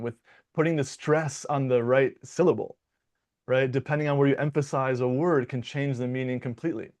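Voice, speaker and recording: A man's voice: mid-range voice, darkish tone. A man from Michigan working as a dialect coach, explaining his ideas in a conversational interview, with frequent restarts and repeated words.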